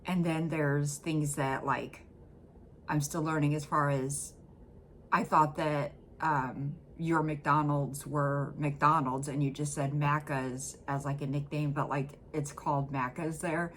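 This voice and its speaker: A woman's voice: deep voice, steady tone, takes it slowly, fairly bright tone, a little hiss or hum. An American woman hosting a reaction video, chatting casually and rambling with many fillers. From United States.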